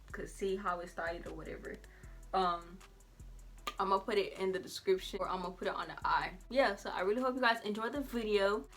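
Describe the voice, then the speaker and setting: A teenage girl from Georgia vlogging a casual storytime in a lively, conversational way with Southern slang. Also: medium pitch.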